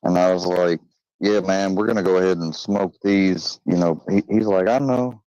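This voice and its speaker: A man's voice: low voice, steady tone, normal speed, warm tone, dry recording. A man casually telling a personal story, rambling with fillers, restarts and slang. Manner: swearing, slangy. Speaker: channel host. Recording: dull lo-fi sound.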